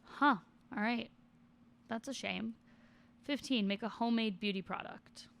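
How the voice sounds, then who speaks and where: A woman's voice: on the high side, unhurried, gravelly, a bit bright. A young woman in her twenties chatting casually in a vlog, reading out a list and commenting on each item with self-deprecating asides. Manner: reads list items then comments on each. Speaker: vlogger.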